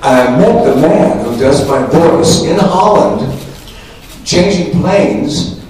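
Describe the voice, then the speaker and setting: A man in his sixties, a press-conference guest telling anecdotes in an animated way, often laughing. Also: fairly high pitch, slow pace. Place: large echoey hall, press conference. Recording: echoey hall from far off with faint noise.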